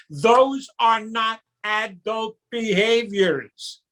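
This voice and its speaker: A man's voice: sits high, animated, slow pace, a bit bright. A man speaking as a guest in an interview, explaining in an emphatic, teaching way. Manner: emphatic, teaching tone, acts out childish voices. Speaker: psychic medium guest. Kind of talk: conversational interview answers.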